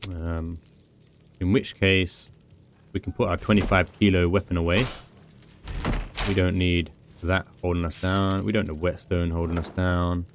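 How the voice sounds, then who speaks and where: A man's voice: deep voice, little pitch movement, unhurried, pauses often, slight background noise. A British man giving chatty, rambling commentary on his game stream, with self-mocking asides. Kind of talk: casual gameplay commentary.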